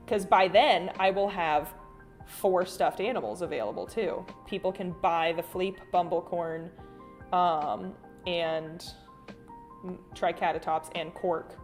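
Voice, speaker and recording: A woman hosting an art livestream in a casual, rambling chat, reading out viewer comments as she draws. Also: fairly low pitch. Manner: chatty and rambling, with frequent restarts and sudden soft hums. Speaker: artist livestream host.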